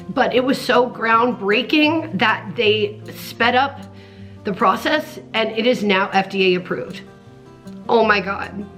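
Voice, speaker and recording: A woman's voice: mid-range voice, fairly bright tone. A young woman talking earnestly and emotionally in a casual personal vlog at home, rambling with many restarts. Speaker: vlogger.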